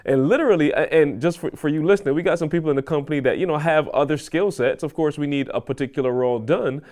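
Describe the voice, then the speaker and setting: A man's voice: on the high side, fast, darkish tone. A man co-hosting a podcast who runs a company, talking casually with a loose delivery. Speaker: podcast co-host, company owner. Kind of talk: casual conversation.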